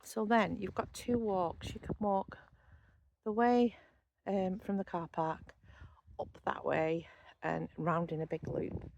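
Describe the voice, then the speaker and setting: A woman's voice: on the low side, steady tone, takes it slowly, creaky, muffled recording, noisy background. A middle-aged woman chatting casually in a walking vlog, rambling like a tour guide with lots of ums and easy asides. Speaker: vlogger showing a walking spot.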